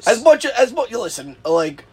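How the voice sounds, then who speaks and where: A man chatting casually with a friend, reacting with quick interjections. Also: extremely high pitch, very animated, slightly rough, poor audio. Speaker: friend listening. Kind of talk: casual chat.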